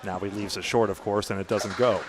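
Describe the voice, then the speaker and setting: A man's voice: fairly low pitch, steady tone, a little fast, crowd noise, noisy background. A man giving live bowling commentary, chatty and self-deprecating, with asides between frames.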